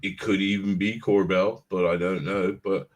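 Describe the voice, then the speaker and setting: Guy with a lowish voice hosting a live stream, animated, stumbles and repeats words. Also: moderate pace. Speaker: host. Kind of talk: casual live-stream chat.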